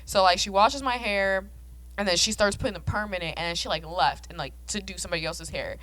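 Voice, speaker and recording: A woman in her twenties from South Florida, co-hosting a podcast and telling animated, profane stories full of "like" fillers. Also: mid-range voice, a little fast, poor audio. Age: 20s. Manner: animated storytelling, heavy swearing and "like" fillers. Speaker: podcast co-host. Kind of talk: casual podcast chat.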